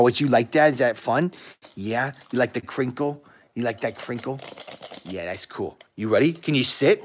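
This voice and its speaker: A man hosting a casual dog-training livestream, upbeat and energetic, chatting with viewers and praising his dog. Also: medium pitch, moderate pace. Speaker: dog-training channel host.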